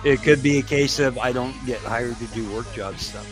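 A man's voice: mid-range voice, normal speed, soft background music. A middle-aged man from Canada co-hosting a casual podcast, rambling and joking with frequent restarts. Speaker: co-host.

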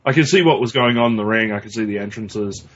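A man's voice: fairly low pitch, quick pace, a bit bright. A man co-hosting a podcast in casual chat, blunt and profane, rambling with restarts. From Australia. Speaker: podcast co-host. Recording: dull lo-fi recording.

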